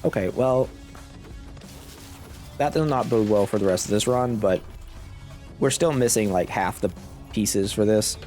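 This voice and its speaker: A man casually commenting on his gameplay, musing aloud in a low-key way while nursing a sore throat and sucking on a cough drop. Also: a little slow, pauses often, a little mellow, faint music behind. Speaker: gaming channel host. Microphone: cough drop in mouth.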